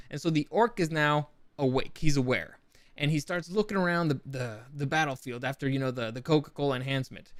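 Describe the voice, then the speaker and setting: A man's voice: a little high, dry recording. Chatty man hosting a gaming commentary show. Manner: chatty, rambling, frequent self-corrections. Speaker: show host.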